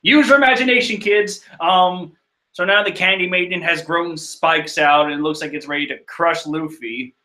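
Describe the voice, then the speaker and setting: A bright, forceful man's voice, pitched a touch high, talks over a screen-shared manga chapter. He rambles, swears, laughs at himself and gets excited about the big moments. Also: moderate pace. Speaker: manga chapter reader and reactor. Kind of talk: casual rambling commentary.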